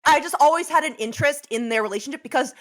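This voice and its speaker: A woman in her thirties, a podcast guest, telling stories in an animated, irreverent, jokey way. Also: sits high, very fast. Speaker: podcast guest, social media creator. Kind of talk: casual interview chat.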